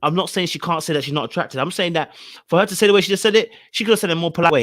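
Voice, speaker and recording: A man hosting a reaction video, commenting loudly on a reality show and repeating his exclamations. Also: on the high side, very fast. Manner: animated, exclaiming, repeats phrases. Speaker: reaction channel host.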